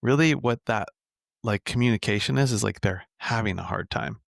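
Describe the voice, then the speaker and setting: A man who works as a men's coach talks conversationally in a podcast interview, tagging his points with "right?" and the occasional swear. His fairly low voice has vocal fry and a moderate pace, recorded dry in a clean studio.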